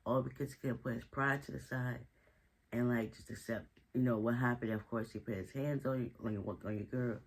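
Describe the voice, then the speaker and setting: A man's voice: medium pitch, fairly even intonation, brisk, low-quality recording. Man casually recapping a TV episode. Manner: slangy, chatty storytelling with frequent asides. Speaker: TV show recap host.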